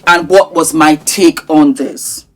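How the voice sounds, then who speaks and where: A woman with a fairly low voice hosts a casual vlog. She speaks to her viewers warmly and with a lot of life, sometimes slipping into a little sung phrase. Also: slow pace, soft background music. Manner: affectionate, animated, sings words at times. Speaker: vlogger host.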